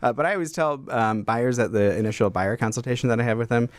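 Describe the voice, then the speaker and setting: A man's voice: medium pitch, fast, no echo. A man, a real estate broker, telling client stories in a casual radio talk with studio mics. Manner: storytelling, quotes clients.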